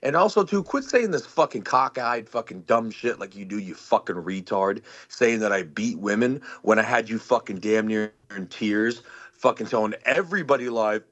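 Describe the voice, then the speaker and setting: A man's voice: fairly low pitch, animated, normal speed, a bit bright, dry recording. Furious, swearing man on a lo-fi line. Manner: furious, threatening, swearing constantly. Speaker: guest on a live stream. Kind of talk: angry profane rant.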